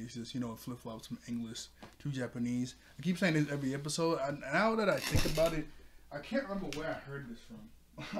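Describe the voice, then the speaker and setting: A man's voice: mid-range voice, slight background noise. A man hosting his own channel, casually recapping a cartoon episode with loose filler words and frequent laughs. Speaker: show reviewer and channel host.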